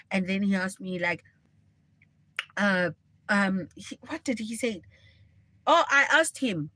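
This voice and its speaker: A woman's voice: mid-range voice, lively intonation, measured pace, pauses often, fairly bright tone. A woman livestreaming, telling a dramatic personal story in a chatty way and talking straight to her viewers. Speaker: livestream host. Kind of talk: casual storytime.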